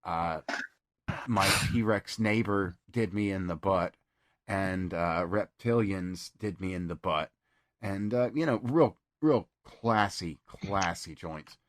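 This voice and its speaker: A man hosting a casual podcast, telling a story with lots of fillers and pauses. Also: deep voice, no echo. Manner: rambling storyteller with many fillers. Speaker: podcast host.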